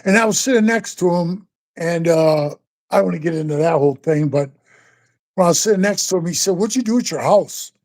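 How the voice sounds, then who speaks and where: A man's voice: a little high, brisk. An older man telling stories in a casual interview, rambling and profane, often calling the listener bro. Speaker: interview guest, former biker club member.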